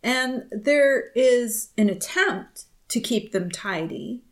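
Unhurried woman co-host, chatty and laughing. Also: fairly high pitch, expressive. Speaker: podcast co-host. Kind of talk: casual chat.

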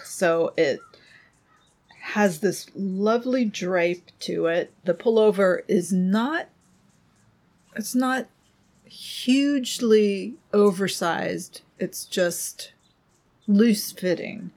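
A middle-aged woman co-hosting a podcast in casual chat, unhurried and thoughtful, often trailing off softly. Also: mid-range voice. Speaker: podcast co-host.

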